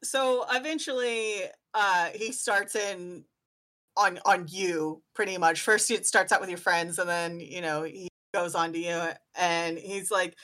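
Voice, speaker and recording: A woman's voice: on the low side, steady tone, measured pace, pushed and bright. A woman game master narrating a tabletop role-playing game, chatty and giggly with lots of fillers.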